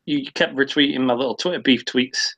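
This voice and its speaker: A man's voice: mid-range voice, steady tone, brisk, a bit bright, muffled recording. A man on a casual online stream, ranting at length with lots of swearing and filler words. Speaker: guest on a stream. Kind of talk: casual chat.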